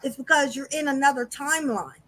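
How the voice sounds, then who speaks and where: A woman hosting a casual spiritual podcast, animated and chatty, talking straight to her listeners. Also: high-pitched, a little fast. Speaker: podcast host.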